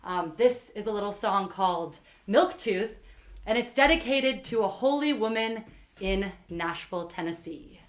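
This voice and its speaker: Guitar plays behind a young woman doing between-song banter on a livestream; she's a singer-songwriter who rambles, filling pauses with ums and uhs. She speaks unhurriedly and expressively at a medium pitch.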